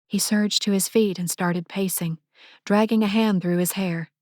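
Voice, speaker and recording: A woman narrating a first-person romance audiobook in a soft, intimate manner, on a close studio mic. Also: mid-range voice, steady tone, normal speed, dry recording.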